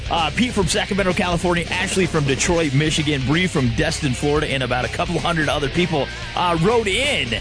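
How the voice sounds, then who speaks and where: A man co-hosts an outdoor radio show in a joking, chatty way. His voice sits a bit high and swings around a lot. Music plays under the talk. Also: brisk. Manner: jokey, laughing, animated. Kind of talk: casual radio banter.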